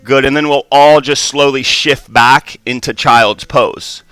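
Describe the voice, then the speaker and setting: A man leading a live yoga class in a studio, calmly cueing poses and breathing with frequent "right?" and "good". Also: mid-range voice, measured pace, clean tone, no room sound, soft background music. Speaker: yoga instructor.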